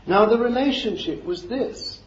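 A man's voice: very high voice, lively intonation, unhurried, slight background noise. A man preaching a sermon in a fervent, emphatic way, repeating his phrases for stress. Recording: echoey, dull lo-fi recording.

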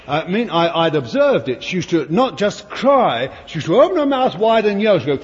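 Older preacher, lively storytelling. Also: male voice, high voice, brisk, breathy edge. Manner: chatty, anecdotal, playful asides. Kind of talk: storytelling sermon. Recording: dull old recording in a reverberant hall with faint hiss.

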